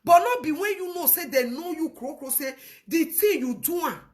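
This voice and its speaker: Nigerian woman, live-stream commentator, high-pitched and animated, often laughing. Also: normal speed. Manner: laughs often, lively storytelling. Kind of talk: casual commentary in Pidgin.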